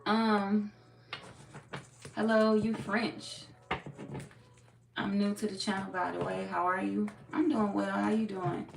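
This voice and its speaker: A woman giving a casual live tarot reading. She talks bluntly and profanely, chats with her viewers, and is slightly hoarse from losing her voice. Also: medium pitch, flat delivery, slow, long pauses. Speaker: tarot reader. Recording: echoey room, distant mic, background noise.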